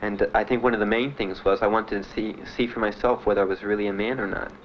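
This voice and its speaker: Low-voiced man in muffled archive testimony. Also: steady tone. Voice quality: plain, halting, many fillers. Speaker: veteran giving testimony. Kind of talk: spoken testimony. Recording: muffled 1970s archive recording with faint hiss.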